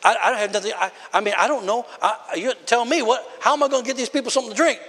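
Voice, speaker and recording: A man's voice: very high-pitched, very fast, fairly bright tone. A man voicing a bewildered leader who stammers out a plea to God within his sermon, in a long-ringing hall. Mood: pleading. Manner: flustered, stammering. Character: anxious bewildered male leader pleading with God. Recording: long reverb of a large hall.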